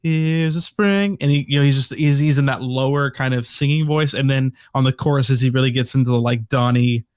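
A man's voice: mid-range voice, level tone, fast talker, few pauses, no room sound, studio quality. A young man co-hosting a podcast in casual chat, rambling with many fillers and restarts. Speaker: podcast co-host.

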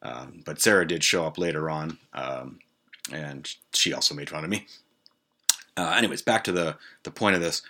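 A man's voice: very deep voice, moderate pace, pushed and bright. A man hosting his own show, telling a personal story in a casual, rambling way full of swearing and side notes. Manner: profane, rambling asides. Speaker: podcast host.

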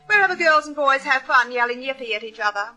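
Coy high-society tease for an old radio play; high, swooping voice, bright tone, faint music under it. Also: female voice, animated, quick pace, full character voice. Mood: teasing. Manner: teasing, drawling, playful. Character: flirtatious sultry society woman, teasing and theatrical. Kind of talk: 1950s radio drama acting.

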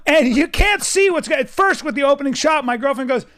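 A man in his forties, chatting casually and telling animated, profane stories, acting out quotes. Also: very high voice, brisk. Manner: animated, swears a lot, acts out quotes. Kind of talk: casual chat, storytelling.

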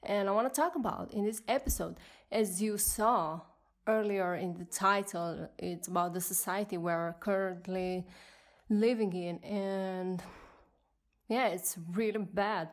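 A woman's voice: mid-range voice, fairly even intonation, a little slow. A woman in her twenties with a non-native accent, hosting a solo podcast and ranting in an indignant tone. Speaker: podcast host.

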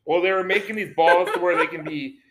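A man's voice: high-pitched, fairly even intonation, fairly quick, a bit bright, poor audio. A man co-hosting a casual sports talk show, rambling and often repeating words as he restarts his sentences. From Detroit area. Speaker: podcast co-host.

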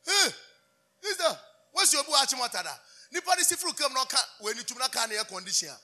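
A man's voice: very high-pitched, big pitch swings, fast, pushed and bright. A man preaching a fervent sermon, asking the congregation call-and-response questions and switching between English and Twi. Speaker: pastor.

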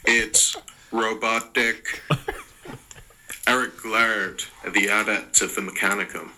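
A man's voice: lowish voice, fairly even intonation, a little slow, pushed and bright, slight background noise, low-quality recording. A man with an Irish accent narrating a comic story in an amused way. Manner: amused, breaking into laughs. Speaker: listener sending in a story.

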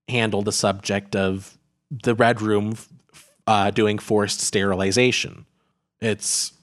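A man in casual conversation, talking about a film with lots of fillers and restarts. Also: lowish voice. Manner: rambling, heavy on filler words and restarts. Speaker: podcast co-host reviewing a film.

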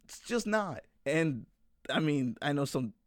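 A man's voice: a little high, big pitch swings, unhurried, no room sound, studio quality. A man in his twenties talking casually to his viewers, rambling and frank, full of fillers and restarts. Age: 20s.

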